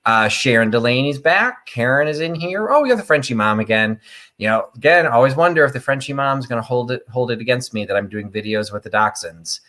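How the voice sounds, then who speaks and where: A man's voice: medium pitch, lively intonation, brisk, sharp tone. A middle-aged man from Illinois hosting a live online vintage sale, chatting in a rambling way and greeting viewers by name. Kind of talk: casual live-stream chat.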